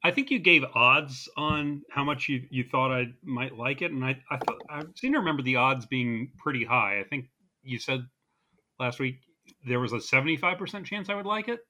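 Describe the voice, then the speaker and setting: A man co-hosting a casual movie review podcast, talking in a relaxed, rambling way. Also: mid-range voice, normal speed. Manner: relaxed, rambling, laughs easily. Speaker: podcast co-host.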